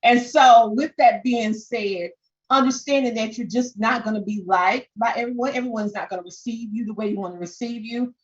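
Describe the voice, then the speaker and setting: A woman with a Southern country twang coaching a live webinar, lively and direct, often checking in with "okay?". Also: on the high side, normal speed, muffled recording. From Southern United States. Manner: animated, peppers talk with "okay?". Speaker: podcast coach. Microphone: desk microphone.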